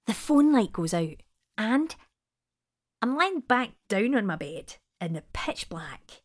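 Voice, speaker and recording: A Scottish woman telling a first-person story in an unhurried, soft voice that often drops to a whisper. Her pitch rises and falls widely, and she swears now and then. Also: animated.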